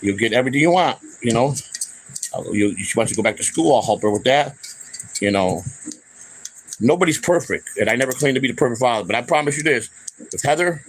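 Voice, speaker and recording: A man's voice: medium pitch, low-quality recording. An older man, the host of his own channel, ranting heatedly to camera with lots of swearing and repeated restarts. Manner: heated, profane, confrontational; repeats himself, trails off into restarts. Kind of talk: unscripted angry rant to camera.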